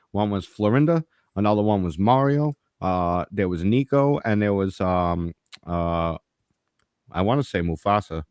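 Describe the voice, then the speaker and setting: Low-voiced man telling a profane story. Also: no room sound, clean studio sound. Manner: profane, animated, acts out dialogue. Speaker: podcast co-host. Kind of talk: casual storytelling.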